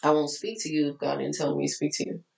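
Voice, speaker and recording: A woman's voice: sits low, flat delivery, quick pace, creaky, darkish tone, reverberant, low-quality recording. A woman life coach with a Texas accent, talking candidly to her followers in a tired voice that keeps cracking. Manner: candid, chatty, preachy asides. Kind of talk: casual talk to followers.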